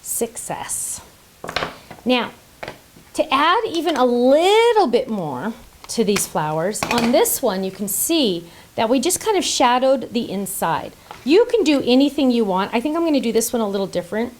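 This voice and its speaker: A woman's voice: a little high, big pitch swings, moderate pace, background noise. A woman hosting a casual card-making tutorial, chatty and playful, making silly sound effects and joking about herself. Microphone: top-down camera setup.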